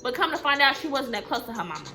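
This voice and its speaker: A young woman from Texas telling a workplace storytime in a casual monologue, blunt and profane, jumping up in pitch as she acts out quotes. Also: very fast, faint music behind. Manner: blunt, profane and animated, acting out quotes with big pitch jumps.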